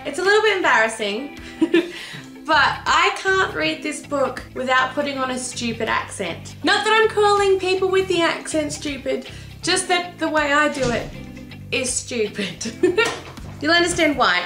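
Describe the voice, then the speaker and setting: A woman's voice: sits high, reverberant. A woman hosting her own reading video, talking in a playful, self-deprecating way between readings. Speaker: reader and video host. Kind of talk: casual vlog intro.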